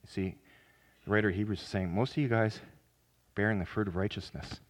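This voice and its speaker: A man preaching a sermon as pastor, earnest, with sudden loud emphatic rises. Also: lowish voice, fairly even intonation, fairly quick.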